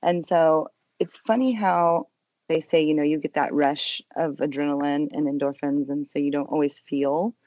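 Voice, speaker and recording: Young adult woman, low voice, earnest guest recounting her ordeal, dry muffled recording. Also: fairly even intonation, moderate pace, no echo. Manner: earnest, emotional retelling with quiet hushed quotes. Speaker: podcast guest. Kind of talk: personal testimony in an interview.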